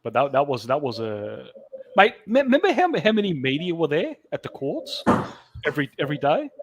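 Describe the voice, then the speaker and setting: A man's voice: on the high side, wildly swooping pitch, fairly quick. A man hosting a casual chat, telling stories in a loose, sweary way. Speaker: host.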